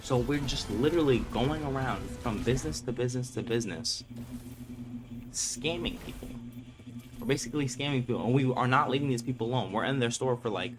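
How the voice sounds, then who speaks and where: A young man casually telling a storytime vlog, swearing freely and acting out the people he quotes. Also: medium pitch. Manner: profane, animated retelling with quoted voices. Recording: music playing clearly behind.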